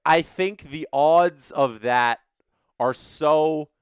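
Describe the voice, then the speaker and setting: A man's voice: a little high, very slow, clean tone, no room sound, studio quality. A man hosting a live stream, reading viewer chats and ranting opinionatedly, often repeating his phrases.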